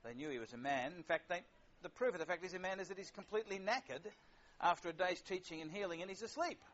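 Aussie preacher guy, chatty and wry, lotta ums, kinda high voice, muffled lo-fi recording. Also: fast talker, fairly bright tone. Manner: conversational, wry, with frequent fillers. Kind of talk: sermon. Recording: lo-fi dull sound.

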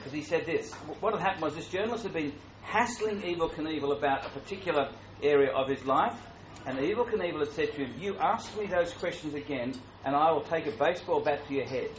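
A man preaching a sermon in a church, talking in a conversational, animated way that grows louder. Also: a little high, slight background noise. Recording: roomy, muffled church recording.

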